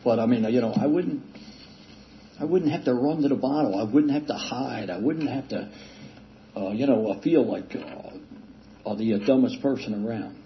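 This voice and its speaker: An older man casually telling a self-deprecating recovery story, rambling with halting restarts and chuckles. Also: medium pitch. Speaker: speaker sharing a recovery story. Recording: dull lo-fi recording with faint hiss.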